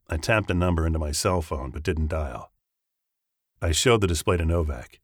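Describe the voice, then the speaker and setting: A man narrating a first-person thriller audiobook in a steady, matter-of-fact way. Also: rumbling low, normal speed, dry recording, studio quality.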